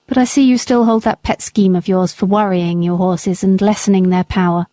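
A principled, middle-aged gentleman squire delivers a firm, measured reproach, read by a woman narrator. The tone is mellow and grave, and the audiobook recording is close and dry. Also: medium pitch, fairly even intonation, dry recording, lightly acted. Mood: reasoning. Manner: stern, measured rebuke. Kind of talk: audiobook character reading.

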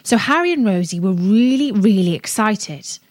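A woman reading a children's story aloud on a radio show, gentle and expressive. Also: mid-range voice, moderate pace, no room sound.

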